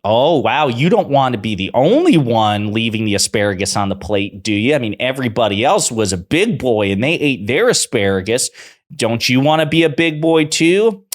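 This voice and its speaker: A man's voice: medium pitch, expressive, moderate pace, pitched above the performer's own voice, close to an everyday voice. A man mimicking an adult coaxing a child in a sing-song voice.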